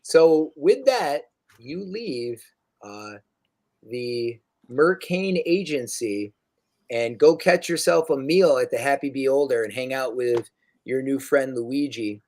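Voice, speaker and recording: A young man narrating as dungeon master in a relaxed, halting way with many fillers. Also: mid-range voice. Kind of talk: narrating a tabletop game.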